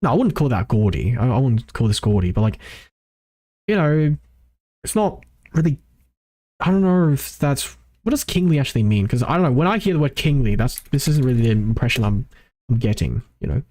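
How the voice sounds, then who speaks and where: A woman's voice: extremely low pitch, lively intonation, a little fast, mellow. A woman streamer playing through and reading a visual novel, rambling and correcting her own slips. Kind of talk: game playthrough commentary.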